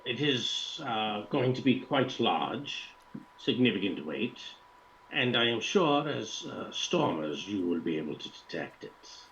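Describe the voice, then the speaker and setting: A man voicing a formal, cold employer who hires thieves and speaks in measured, stiff sentences without contractions. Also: lowish voice, sing-song, a bit bright, highs cut off, slight background noise, heavily acted. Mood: calm.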